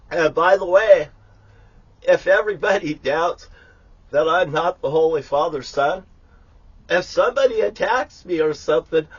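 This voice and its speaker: A man's voice: on the high side, unhurried, pauses often, slightly rough, lo-fi sound. A man talking casually in a rambling, profane, grandiose rant while cooking in his kitchen. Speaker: vlogger. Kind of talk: rambling live vlog monologue.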